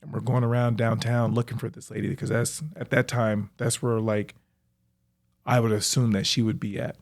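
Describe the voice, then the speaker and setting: A man's voice: lowish voice, little pitch movement, vocal fry. Reflective man telling his story. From United States. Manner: reflective, halting, with frequent "like" fillers. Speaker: professional athlete telling his life story. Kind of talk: personal storytelling.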